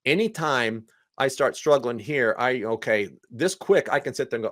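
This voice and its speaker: Man, counselor, animated, repeats words in bursts, mid pitch, dry close recording. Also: normal speed, few pauses, dry recording. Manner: animated, acts out other people's voices. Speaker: guest, counselor. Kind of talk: casual conversation.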